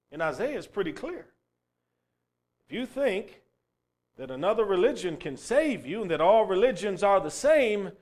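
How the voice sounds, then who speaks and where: A man preaching a sermon, swinging from loud calls down to quiet asides. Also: sits high. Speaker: pastor.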